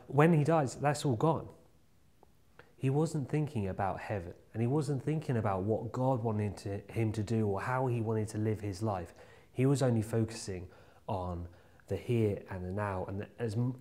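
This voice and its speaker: A man gives a children's Bible talk in a chatty, storytelling way. He talks straight to the kids, at a middle pitch, and keeps his tone friendly. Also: a little mellow. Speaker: children's church leader.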